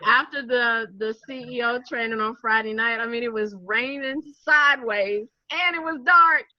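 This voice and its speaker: A woman with a Southern accent, an animated storyteller who laughs often and acts out what people said, talking casually to a group on a video call. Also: fairly high pitch, normal speed, dry recording. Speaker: network marketing speaker. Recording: dull, dry lo-fi sound.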